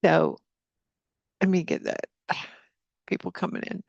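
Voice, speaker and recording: Gravelly-voiced woman teaching Spanish online. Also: lowish voice, fairly even intonation, slow pace, no echo, lo-fi sound. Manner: prays aloud, then drills vocabulary with repetition. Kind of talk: live online class teaching. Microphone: computer mic on a video call.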